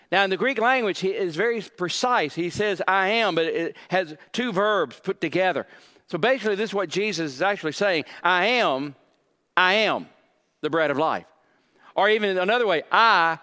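Male pastor, high-pitched, casual preaching style, reverberant sanctuary sound. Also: a bit bright. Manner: conversational preaching with repeated emphatic phrases. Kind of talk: sermon.

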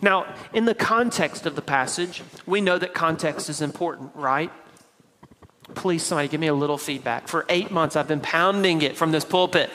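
A man's voice: fairly high pitch, moderate pace, pushed and bright, big-room sound, rough recording. A man with a Tennessee accent preaching a sermon from the pulpit, explaining scripture step by step in a conversational way. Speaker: pastor. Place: church sanctuary.

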